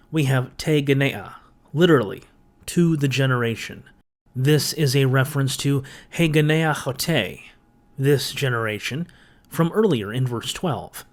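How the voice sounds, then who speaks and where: A man hosting a biblical studies channel, reading a scripted lecture in a methodical, explanatory way with touches of dry humor. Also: mid-range voice.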